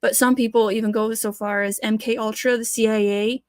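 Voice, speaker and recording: In a dry, studio-quality recording, a Michigan-accented woman reads news articles aloud on her casual at-home commentary show before breaking into fired-up, sarcastic rants. Her voice is a little high and a little mellow, delivered flatly at a slightly fast pace.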